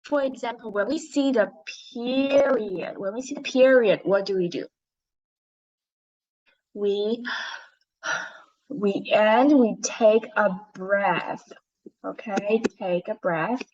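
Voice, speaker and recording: A woman's voice: mid-range voice, takes it slowly, long pauses, darkish tone, lo-fi sound. A woman teaching an English reading lesson to young learners, patient and encouraging, modelling how to read with expression.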